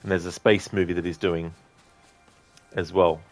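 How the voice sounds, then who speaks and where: Man, game streamer, very low voice, chatty and rambling, answers chat. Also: flat delivery, moderate pace, soft background music. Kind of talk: casual gaming commentary.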